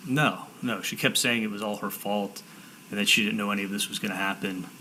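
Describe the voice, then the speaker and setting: A man testifying as a defendant in a courtroom, telling his story in halting sentences with repeated words and "I'm like" quotes. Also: lowish voice, steady tone, sharp tone, a little hiss or hum, poor audio.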